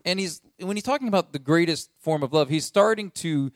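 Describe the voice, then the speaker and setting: A man preaching with a slightly higher voice than most men. He talks like he's chatting with friends, stumbling over restarts and fillers, then leans hard on his key points. The recording is dry and close, with almost no room sound. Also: animated, a little fast, no echo. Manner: conversational, emphatic, with frequent fillers and restarts. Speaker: pastor. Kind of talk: sermon.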